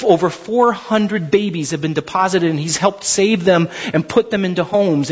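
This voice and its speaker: A male pastor preaching with emphatic, conversational passion. His voice sits high and carries a husky edge. The recording is muffled and lo-fi. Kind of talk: sermon.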